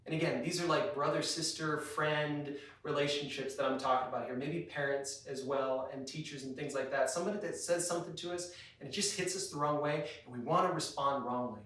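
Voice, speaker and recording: Man, youth pastor, earnest sermon, rhetorical questions, slightly high voice, very echoey distant sound. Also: fairly even intonation, fairly quick, fairly bright tone.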